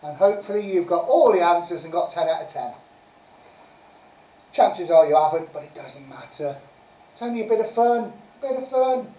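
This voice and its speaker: A chatty, giggly woman hosts a casual live-stream pub quiz, reading answers and scores aloud. Her warm, lowish voice has lively intonation and a moderate pace, and it comes across distant and roomy through the mic.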